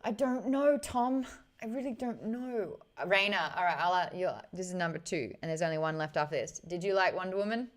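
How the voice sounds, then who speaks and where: A woman's voice: on the low side, a little fast. A young adult woman, chatting casually with viewers on a live stream, greeting the chat and laughing often.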